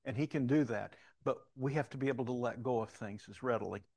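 A man's voice: mid-range voice, fast talker, darkish tone. A man in his sixties with a Southern-tinged Missouri accent, giving a folksy, anecdotal talk from the front of a church. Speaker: church leader.

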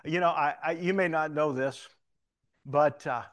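A man's voice: fairly high pitch, a little slow, a bit bright. Folksy older man, Southern-tinged drawl. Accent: Southern-tinged Missouri. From Missouri. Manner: folksy, anecdotal storyteller. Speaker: church leader. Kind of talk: folksy church talk with announcements. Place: church.

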